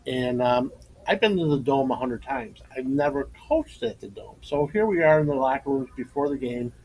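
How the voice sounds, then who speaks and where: A man's voice: mid-range voice, animated, normal speed, darkish tone, slight background noise, poor audio. A middle-aged man, co-host and former coach, telling stories in a casual podcast chat, laughing often and turning emotional in a tribute.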